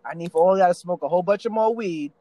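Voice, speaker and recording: A young man with a high, bright voice talks in a loose podcast hangout. He tells a story with animated energy, curses freely and breaks into laughter. His voice is close and dry, with no room sound. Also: quick pace, dry recording. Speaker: podcast co-host. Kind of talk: casual chat.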